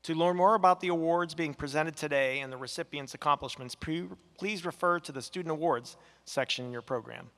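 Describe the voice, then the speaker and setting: A man's voice: on the high side, a little fast, hardly any pauses, a bit bright. A man making formal announcements as presenter at a graduation ceremony in a large hall. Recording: long reverb in a large hall.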